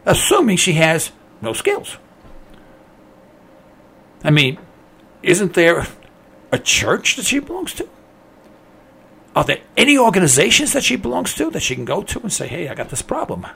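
A man with a fairly high, gravelly voice rants to his listeners as a talk host. His pitch swings widely and his tone is husky as he fires off rhetorical questions and repeats his points with mounting indignation. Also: wildly swooping pitch, a little slow, pauses often, fairly bright tone. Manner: indignant, ranting, repeats himself. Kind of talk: opinionated monologue.

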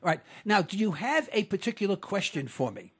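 A middle-aged man from New York hosting a call-in radio talk show, speaking formally, slowly and deliberately. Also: sits high, big pitch swings, fairly bright tone, breathy edge.

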